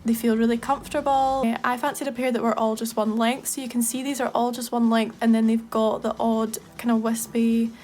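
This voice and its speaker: Chatty Scottish woman, fairly high voice. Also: level tone, brisk, hardly any pauses, a little mellow, slight background noise. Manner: chatty and enthusiastic, gushing. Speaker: makeup artist. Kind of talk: casual makeup tutorial chat.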